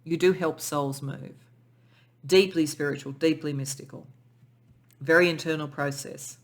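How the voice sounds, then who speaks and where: A tarot reader speaks gently and spiritually through a pick-a-pile reading, and is moved close to tears. Sentences often restart as the reader searches for words, with the voice sitting at a middle pitch. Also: steady tone, unhurried. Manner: emotional, soft and spiritual, with many restarts. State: tearful.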